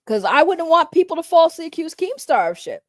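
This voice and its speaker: High-voiced woman ranting, swearing a lot. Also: big pitch swings, a little fast, dry recording. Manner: heated, profane, repetitive ranting. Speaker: commentary streamer. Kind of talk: casual ranting commentary.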